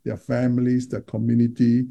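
Gravelly, dark-toned doctor explaining patiently. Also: male voice, mid-range voice, monotone, moderate pace. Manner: explanatory, many repeated words and restarts. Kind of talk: interview about menopause research.

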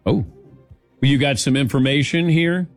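A man's voice: mid-range voice, moderate pace, soft background music. A middle-aged man hosting a sports talk show, joking with his crew, laughing often and calling on them by name. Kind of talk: casual studio banter.

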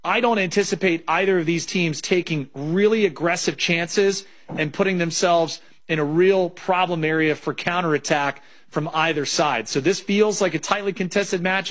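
A man with a slightly raised voice talks through his betting picks in a measured, thinking-aloud way. He speaks as an analyst on a casual sports show. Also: on the high side, a bit bright. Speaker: sports betting analyst, former baseball pitcher.

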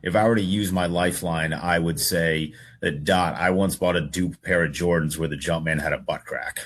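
Deep raspy guy in his 30s, tells a funny story kinda slow then gets into it. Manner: thinks aloud, hesitant then animated. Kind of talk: casual storytelling banter.

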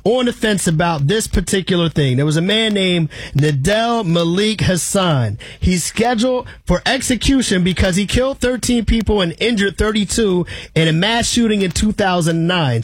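High husky guy hosting morning radio, slangy and laid back, faint music under him. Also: moderate pace, no room sound. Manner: relaxed, slangy, conversational. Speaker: radio morning show host. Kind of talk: casual radio chat and ad reads. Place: radio studio.

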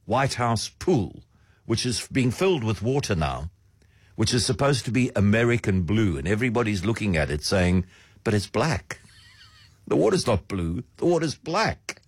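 Sardonic radio host, lively. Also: male voice, normal speed, breathy edge, dry recording. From South Africa. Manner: sardonic and theatrical, swooping pitch. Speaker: radio talk show host. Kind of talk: casual radio monologue.

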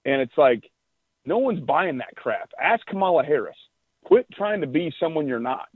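A man's voice: fairly high pitch, sing-song, normal speed, slightly rough, no room sound. Blunt man ranting over a tinny phone line. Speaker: regular guest commentator. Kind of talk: political talk radio chat.

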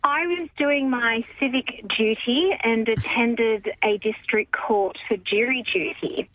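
A woman's voice: a little high, slow, fairly bright tone, no echo. A woman calling in to radio, telling a story in a flustered, laughing way. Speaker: caller. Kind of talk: phone-in story. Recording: phone line, faint hiss.

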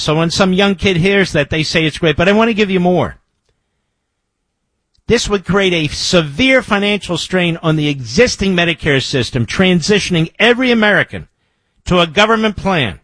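A man's voice: sits high, pushed and bright, no echo. A man hosting a talk radio show, delivering an emphatic monologue into a studio microphone and repeating key phrases for effect.

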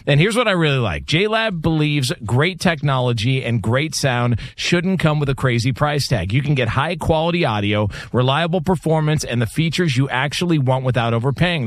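A man's voice: mid-range voice, no echo. A man hosting a sports radio show, bantering with co-hosts and reading an ad.

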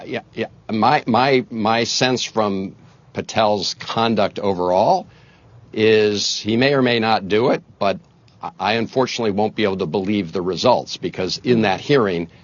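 A man speaking as a senator in a live TV news interview, talking emphatically with frequent fillers and building to forceful points. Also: fairly low pitch, normal speed. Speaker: senator guest. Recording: dull lo-fi broadcast audio.

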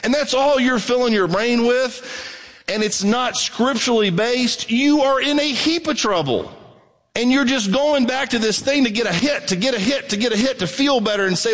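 A man preaching a sermon as pastor, plainspoken and blunt, swinging between excited and hushed delivery. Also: very high-pitched, moderate pace. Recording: long hall reverb.

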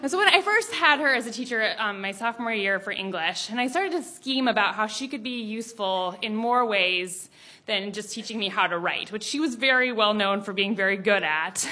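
Lively young woman telling a story. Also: mid-range voice, moderate pace. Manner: animated, laughing, acting out quotes. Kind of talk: personal story told to an audience.

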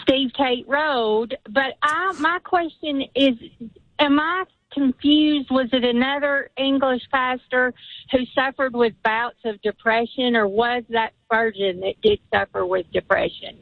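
A woman's voice: high-pitched, steady tone, unhurried, no echo. A woman calling in to a radio show to ask a question. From Georgia, USA. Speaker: caller. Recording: phone line.

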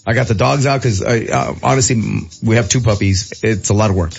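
A man in his thirties hosting a show, telling a story in casual chat, animated and laughing, jumping into a high squeal when he quotes people. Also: a little fast, vocal fry, highs cut off, soft background music. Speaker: radio show host.

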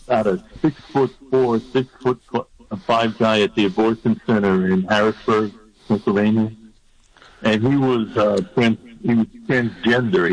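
A man's voice: lowish voice, poor audio. A man hosting a talk show, telling a story of his own in a casual way and chuckling along.

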